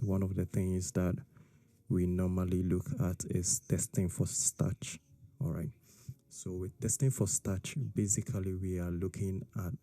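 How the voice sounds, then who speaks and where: A man's voice: low-pitched, dark tone, no echo. A man explaining a science lesson step by step, checking in often with "all right?" and "okay?". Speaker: science teacher.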